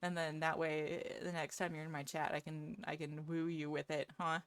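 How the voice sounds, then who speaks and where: A woman's voice: deep voice, flat delivery, moderate pace, clear, resonant tone, no echo. A woman streamer chatting casually with her viewers, self-deprecating and laughing often. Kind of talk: casual live-stream chat.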